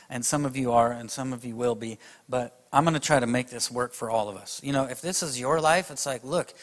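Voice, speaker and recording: A man's voice: a little high, fairly bright tone, long reverb tail. A man preaching a sermon, emphatic and speaking straight to his audience. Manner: emphatic, addresses the audience directly.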